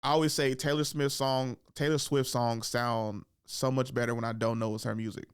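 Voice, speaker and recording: A man's voice: medium pitch, level tone, moderate pace, clear, resonant tone, no echo, studio quality. A young man hosting a podcast in casual comedic chat, swearing freely and acting out voices. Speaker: podcast host.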